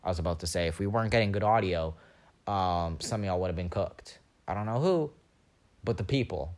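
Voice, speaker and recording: A man's voice: sits low, a little fast. A young man hosting a podcast, telling a rambling story in a casual monologue and acting out the other people's voices. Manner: animated, rambling, acts out quoted voices. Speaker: podcast host.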